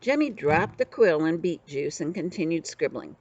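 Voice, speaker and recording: An older woman, a grandmother, reading a children's book aloud with expressive storytelling. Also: low voice, normal speed, hardly any pauses, dull audio.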